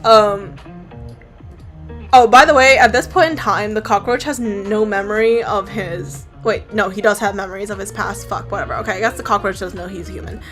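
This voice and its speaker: A woman's voice: medium pitch, steady tone, normal speed, fairly bright tone, faint music behind. A woman casually recounting her comic's story while drawing, rambling with fillers and casual swearing. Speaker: comic artist.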